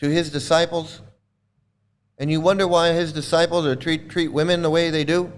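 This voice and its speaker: A man's voice: fairly high pitch, steady tone, moderate pace, smooth. A man hosting a livestream and ranting to his chat in heated, indignant commentary, often repeating himself. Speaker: livestream host.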